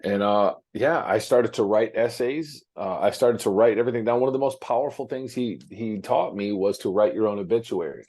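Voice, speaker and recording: A man's voice: fairly low pitch, fairly quick, hardly any pauses, darkish tone. A man talking frankly as an interview guest, with many fillers and restarts, from his office. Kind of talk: casual interview storytelling.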